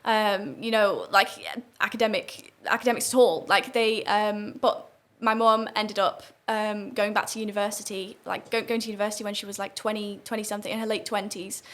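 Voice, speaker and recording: Young northern English woman, guest, fast and full of fillers. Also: mid-range voice, steady tone, a bit bright. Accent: northern English, softened toward southern English. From northern England. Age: young adult. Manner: fast, with many fillers and restarts. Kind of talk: casual interview talk.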